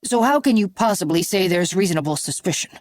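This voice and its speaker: A woman's voice: lowish voice, lively intonation, quick pace, a little mellow, dry recording, close to an everyday voice. A woman reader voicing a nervous, defensive man pleading his innocence in an audiobook. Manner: nervous, whiny.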